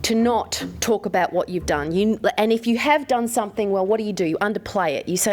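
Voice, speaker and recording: A woman's voice: mid-range voice, brisk, a little mellow. An Australian woman in her forties talks openly to a live audience about her own life. She is conversational and unpolished, with plenty of fillers, and often turns to the room with questions. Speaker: mentor speaking to an audience. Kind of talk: personal talk to a live audience.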